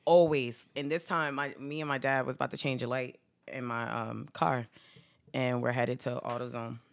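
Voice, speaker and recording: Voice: mid-range voice, little pitch movement, moderate pace, gravelly. A podcast co-host telling a story in casual group chat, rambling with plenty of "um" and "like". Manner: rambling storytelling with frequent fillers.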